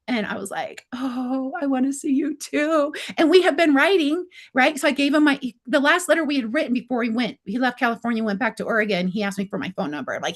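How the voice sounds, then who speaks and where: A woman with a high voice tells a story as a guest, keeping it casual and lively. She's animated, acting out the dialogue and leaning heavily on "I was like."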